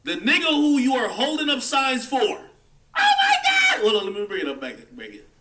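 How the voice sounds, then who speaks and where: Heated high-voiced man ranting. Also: huge pitch swings, quick pace, reverberant, recorded from a distance, very noisy. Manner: heated, mocking rant. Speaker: livestream host. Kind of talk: ranting livestream commentary.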